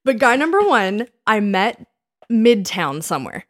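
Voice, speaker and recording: A woman in her thirties, co-hosting a casual chat and telling her dating stories in an animated way, acting out what people said. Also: fairly high pitch, measured pace. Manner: animated storytelling, acts out quoted lines. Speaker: podcast co-host.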